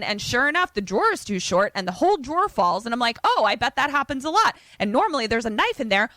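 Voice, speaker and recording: A woman co-host recaps a film in loose, casual conversation, full of quick asides and amused laughs. Her voice is bright and forceful. The sound is dry and close to the mic. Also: a little high, no echo. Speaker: podcast co-host retelling a film. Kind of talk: casual chat.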